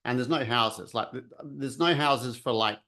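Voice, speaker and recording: A man tells his own story in a relaxed, chatty way. His voice sits at an ordinary middle pitch. He acts out quotes and sounds as he goes. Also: moderate pace. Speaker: vlogger telling a personal story. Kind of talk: casual storytelling.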